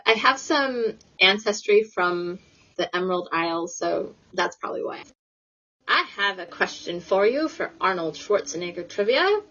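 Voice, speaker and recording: A woman's voice: mid-range voice, animated, moderate pace, sharp tone. Woman, podcast host, upbeat and giggly, mid-range voice, lo-fi audio. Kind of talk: casual interview chat. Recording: lo-fi dull audio.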